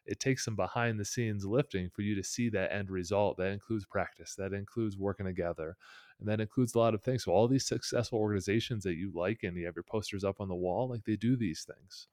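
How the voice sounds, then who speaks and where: A man speaking as a podcast guest, giving earnest, steady family advice in practical steps. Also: on the low side, a little fast, no echo, clean studio sound. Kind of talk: casual conversational advice.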